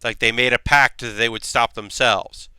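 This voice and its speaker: A man's voice: mid-range voice, fairly even intonation, normal speed, pushed and bright, clean tone, no room sound. A man hosting a livestream, chatting loosely and profanely and answering comments from chat as he talks. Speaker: livestream host.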